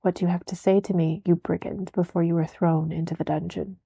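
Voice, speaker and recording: A woman voicing a stern, grumbling male castellan in a soft whispered role-play reading. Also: lowish voice, little pitch movement, a little fast, creaky, husky, no echo, lo-fi sound. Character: gruff wary male castellan, stern official.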